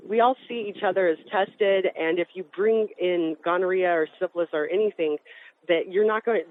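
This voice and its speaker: A woman from Colorado giving personal testimony as an interview guest, talking in fast, urgent phrases that restart often. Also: on the low side. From Colorado, USA. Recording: tinny phone-like line with faint hiss.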